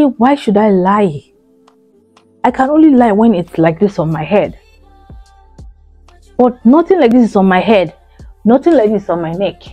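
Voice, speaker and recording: A chatty woman talks straight to her viewers. Her voice is mellow and warm, and she leans hard on her points, repeating lines for emphasis. Soft music plays faintly behind her. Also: medium pitch. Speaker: vlogger. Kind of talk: casual talk to camera.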